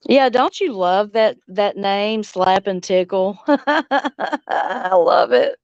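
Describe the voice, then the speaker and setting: Slow-drawling Louisiana woman. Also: mid-range voice, no room sound, lo-fi sound. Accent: Southern US, Louisiana. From Louisiana, United States. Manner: slow, drawling, laughs often. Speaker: livestream host. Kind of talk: casual livestream chat, reading comments. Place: outdoors on a front porch swing.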